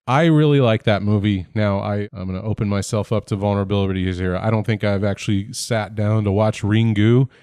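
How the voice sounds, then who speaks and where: A man's voice: lowish voice, brisk, few pauses, a little mellow, smooth, dry recording. A man hosting a podcast in casual chat, jokey and self-deprecating, laughing often. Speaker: podcast host.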